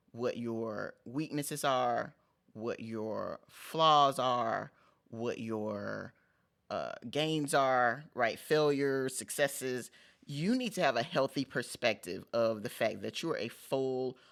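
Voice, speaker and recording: A middle-aged man gives a motivational pep talk on his vlog in a gravelly, creaky voice. He speaks in a conversational, emphatic way, repeating phrases to drive them home and dropping in casual slang. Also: medium pitch, a bit bright. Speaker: host.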